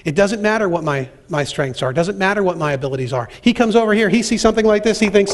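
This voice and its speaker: A man's voice: high-pitched, animated, fast, hardly any pauses, a little hiss or hum. A man preaching a sermon and reading scripture aloud, with dramatic pacing and emphatic, acted-out quotes. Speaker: pastor.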